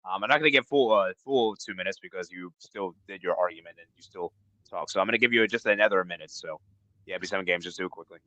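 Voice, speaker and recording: A man's voice: deep voice, fast talker, pushed and bright, no echo, lo-fi sound. A man hosting a casual online football debate, giggly, handing turns and keeping time. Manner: laughing, giggly, keeps time for others. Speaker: host and moderator.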